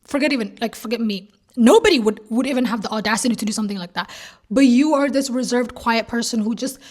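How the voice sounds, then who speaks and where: Young woman vlogger, slightly high voice, animated storyteller who acts out quotes. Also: fast. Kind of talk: casual storytime.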